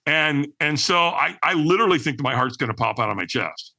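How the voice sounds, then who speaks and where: Lively, bright-voiced male storyteller. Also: fairly high pitch, brisk, gravelly. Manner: lively, acts out other people's lines, often asks "right?". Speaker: podcast guest. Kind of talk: animated personal storytelling.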